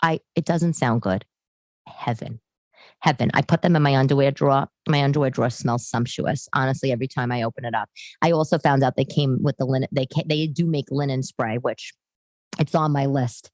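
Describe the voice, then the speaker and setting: Middle-aged woman podcast host, low-pitched, rambling and self-deprecating, dry room. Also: fairly quick, darkish tone, no echo. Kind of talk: casual solo chat. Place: living room.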